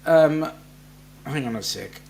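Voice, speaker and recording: A rambling, joking Australian man hosts a casual live stream, chatting loosely with his viewers. His voice sits a little above the usual male pitch, and a faint hum runs underneath. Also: expressive, slow pace, creaky, a little mellow.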